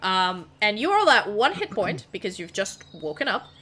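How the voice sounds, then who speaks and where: A woman runs a tabletop game session, describing scenes casually with lots of fillers and restarts. Her voice is bright and clear. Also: mid-range voice, sing-song, moderate pace, slight background noise. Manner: rambling, filler-heavy, casual. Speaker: game master.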